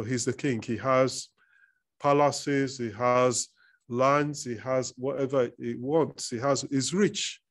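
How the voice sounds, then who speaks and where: Man preaching a conversational sermon. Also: medium pitch. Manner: conversational teaching, reads scripture aloud, repeats words. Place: church.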